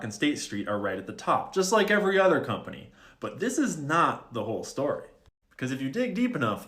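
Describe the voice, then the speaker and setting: A man at an ordinary mid pitch talks straight to his viewers in a relaxed explainer tone. He works through his points step by step, drops dry sarcastic asides and ends on open questions. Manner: conversational, wry asides, questioning. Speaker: video creator. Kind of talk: casual explainer monologue.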